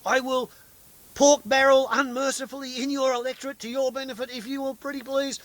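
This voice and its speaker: A man mocking a desperate, power-hungry male politician in a high, whining, pleading voice. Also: little pitch movement, a little fast, fairly bright tone. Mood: pleading, whiny. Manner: high pleading whine, begging and boastful.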